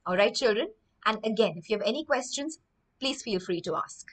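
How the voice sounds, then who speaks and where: A woman's voice: a little high, lively intonation, a little fast, low-quality recording. A woman teaching English vocabulary in an online lesson, reading a story and explaining words with lists of synonyms, often checking "right?".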